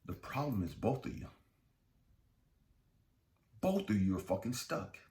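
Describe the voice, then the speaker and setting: A man's voice: on the low side, very animated, unhurried, a little mellow. A man hosting a self-help channel, giving a blunt, heavily profane, preachy motivational monologue.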